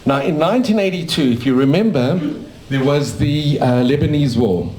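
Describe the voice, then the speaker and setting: Older man from South Africa, dentist sharing memories, mellow voice, roomy cafe sound. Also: on the high side, animated, normal speed. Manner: rambling, warm anecdotal storytelling with restarts. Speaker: dentist telling his life story. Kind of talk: casual storytelling to a small audience. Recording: echoey cafe room.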